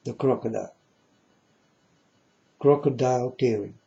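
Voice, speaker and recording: A man's voice: medium pitch, measured pace, vocal fry, warm tone, dull audio. A man giving a preachy monologue in broken, non-native English, emphatic and repetitive, often asking if the listener understands. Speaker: speaker addressing viewers.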